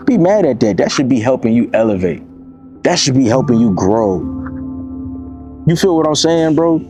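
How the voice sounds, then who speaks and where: A man's voice: medium pitch, lively intonation, moderate pace, a little mellow, faint music behind. A man in his twenties from Miami giving a casual motivational talk to camera, preachy and repetitive, calling his listeners bro. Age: 20s. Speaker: motivational vlogger.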